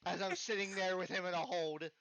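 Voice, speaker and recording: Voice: mid-range voice, steady tone, a little fast, gravelly, crowd noise. A podcast host telling a story in casual chat, acting out the voices and swearing freely. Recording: dull lo-fi podcast recording.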